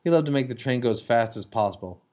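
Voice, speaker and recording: A man hosting a casual chat, reading listener jokes aloud with profanity and animated put-on voices. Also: mid-range voice, fast talker, highs cut off. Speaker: podcast host reading listener questions.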